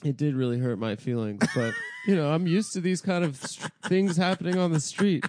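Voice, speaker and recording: A man's voice: on the high side, a little fast, noisy background. A man telling a self-deprecating street anecdote in a casual podcast chat. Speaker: podcast co-host. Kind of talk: casual storytelling.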